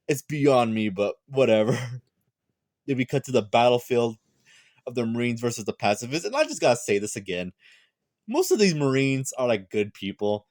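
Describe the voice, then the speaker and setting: A tired young man reviewing a manga chapter in a casual, rambling chat, full of fillers and quick restarts. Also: lowish voice, darkish tone, dry recording, studio quality.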